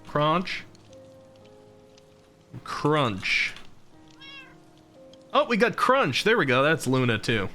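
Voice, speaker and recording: A man's voice: fairly high pitch, very animated, brisk, hardly any pauses, pushed and bright, faint music behind. A man chatting casually with his viewers as a VTuber streamer, laughing often and talking straight to chat.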